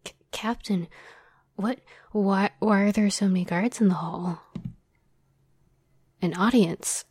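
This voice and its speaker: A woman reading the lines of a drunk young crown prince in whispered role-play, slowly and without polish. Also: medium pitch, a little mellow, no echo. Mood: startled. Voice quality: breathy whisper. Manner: slow, unpolished script reading.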